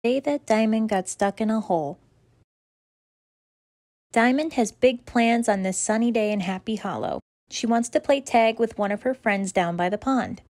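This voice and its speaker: A woman reading aloud children's stories in a bright, expressive, rhythmic way. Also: fairly high pitch, normal speed, no room sound, studio quality. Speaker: children's story reader. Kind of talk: read-aloud storytelling.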